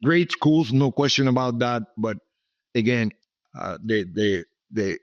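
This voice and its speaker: With lively intonation and a measured pace, this mid-range male voice belongs to a Cuban businessman in his seventies, interviewed as a guest, who speaks Spanish natively and has a Cuban Spanish accent. He rambles and repeats while telling stories, using emphatic asides like "okay?" The recording is muffled, with no echo.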